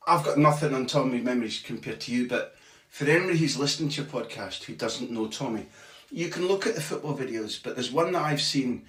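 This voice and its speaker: A man who is a football journalist guest, telling a long anecdote in a lively way with casual swearing. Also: medium pitch. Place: tiny bathroom. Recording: echoey small bathroom.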